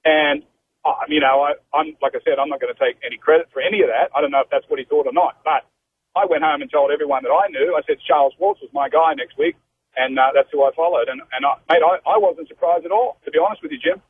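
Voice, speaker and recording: An Australian pro golfer in his fifties, telling golf stories as a guest on a radio interview, animated and saying "mate" often. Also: fairly high pitch, fast. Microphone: telephone. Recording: phone line with faint noise.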